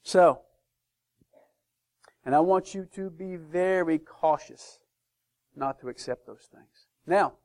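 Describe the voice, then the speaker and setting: A male pastor delivering a sermon in a fairly high voice. He drives his points home with loud emphasis, then drops to quiet asides. He keeps his congregation close. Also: slow, long pauses. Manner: emphatic, swings between loud declarations and hushed asides.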